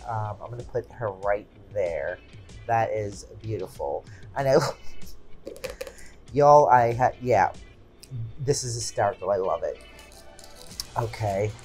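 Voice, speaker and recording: A woman's voice: extremely low pitch, slow pace, pauses often, darkish tone, soft background music. A woman in her forties hosting a craft channel, chatting casually and exclaiming often as she unboxes gifts at home.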